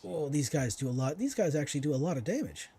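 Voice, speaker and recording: A man's voice: fairly high pitch, big pitch swings, fast, warm tone, slightly rough. A man giving casual let's-play commentary, chatting to himself and teasing enemies as he plays. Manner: chatty, talks to himself and to enemies while playing. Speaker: gaming streamer.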